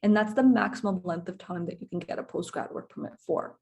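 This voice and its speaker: A woman's voice: lowish voice, brisk, vocal fry, a little mellow. A woman presenting a webinar for students, explaining rules step by step and often checking in with "okay?" and "right?". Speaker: immigration lawyer presenter. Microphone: webinar computer mic.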